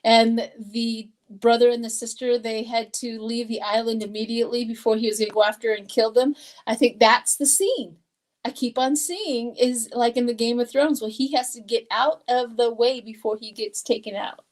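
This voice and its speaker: An older woman from Colorado, USA, does a live tarot reading, emotional and chatty, reading viewer comments aloud. Her voice is on the high side, steady and at normal speed, though the recording is rough.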